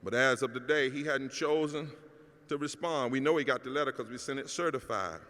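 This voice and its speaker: A middle-aged man, a pastor giving a keynote address, preaching in a rousing cadence that climbs to shouts. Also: mid-range voice, a little fast. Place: large hall at a public celebration. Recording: long hall reverb.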